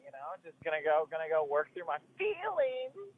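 A man calls in on speakerphone from his car, rambling and hedging as he goes. His voice leaps up and down in pitch. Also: wildly swooping pitch, moderate pace, no echo, narrow, tinny audio. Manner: rambling, hedging, laughs easily. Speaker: friend calling in. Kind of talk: casual phone chat. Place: car, driving. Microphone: phone on speaker.

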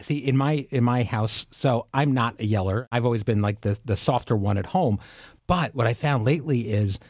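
Soft-spoken man in casual chat. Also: mid-range voice, normal speed, no echo, studio quality. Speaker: podcast host and producer. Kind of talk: casual podcast conversation.

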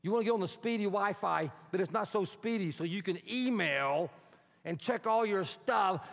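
A man preaching a sermon as pastor. He is animated and humorous, and he mimics people's complaints. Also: sits high, moderate pace, creaky. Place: church hall. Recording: reverberant hall, dull sound.

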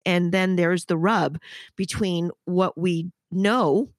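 A woman's voice: on the low side, fairly even intonation, slow pace, no echo, clean studio sound. A woman hosting a podcast interview, talking frankly and emphatically and swearing casually. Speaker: podcast host. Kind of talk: candid interview conversation.

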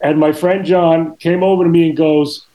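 A man's voice: on the high side, fairly even intonation, moderate pace, warm tone, poor audio. A man guesting on a podcast interview, telling a conversational story about a screening. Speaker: guest, actor and director.

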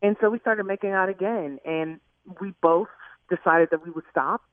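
A woman calling in to a radio show, chatty and animated as she tells a personal story. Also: on the low side, moderate pace, no room sound. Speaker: caller. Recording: tinny phone line.

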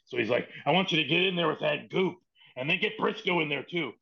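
Profane, animated male storyteller, muffled audio. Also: on the high side, quick pace, gravelly. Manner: animated, profane, acts out quoted dialogue. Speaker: podcast guest, former wrestling writer. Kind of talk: casual storytelling chat. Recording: muffled lo-fi sound.

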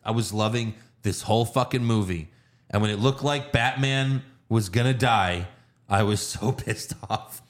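A man casually retelling a film scene by scene, animated and profane, dropping into quick impressions of the characters. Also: fairly low pitch. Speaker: podcast host recapping a film. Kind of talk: casual chat.

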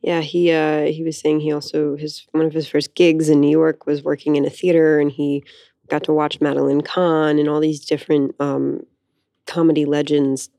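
A woman co-hosts a theater podcast in relaxed, friendly chat. Her voice is mellow with a gravelly edge. The recording is dry and close. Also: low voice, moderate pace, dry recording. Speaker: podcast co-host. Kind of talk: casual chat.

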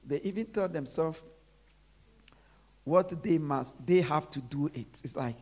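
A preacher delivering a sermon who repeats phrases and drops to low murmurs between emphatic lines. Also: measured pace, darkish tone.

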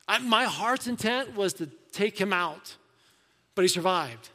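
Male pastor, higher-pitched voice, chatty sermon delivery with acted-out quotes, long church reverb. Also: lively intonation, unhurried. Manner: conversational preaching, acts out quoted voices, drops to soft asides.

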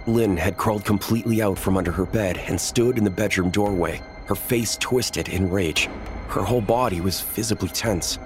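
A man narrating a first-person horror story in a measured, tense storytelling manner. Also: fairly low pitch, music in the background.

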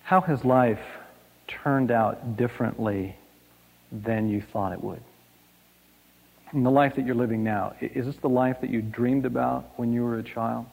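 Pastor with hushed, dramatic delivery. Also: male voice, mid-range voice, steady tone, gravelly. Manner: slow, dramatic storytelling with soft, hushed line endings. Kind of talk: sermon. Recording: echoey hall.

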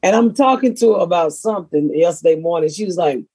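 A raspy middle-aged woman, a comedian hosting a podcast and telling blunt, profane stories. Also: lowish voice, fast talker, dark tone, no room sound. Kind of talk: casual podcast chat.

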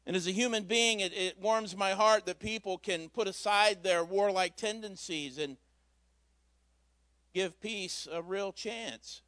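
A man's voice: high voice, measured pace, pushed and bright, no room sound. A man preaching a Christmas Eve sermon in a church, telling a story in a folksy, conversational way with asides. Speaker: pastor.

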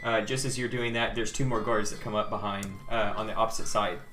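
A man's voice: on the low side, steady tone, a little fast, a bit bright, roomy sound, faint music behind. A man narrating as game master in a tabletop game, laughing often and talking loosely with many "like"s.

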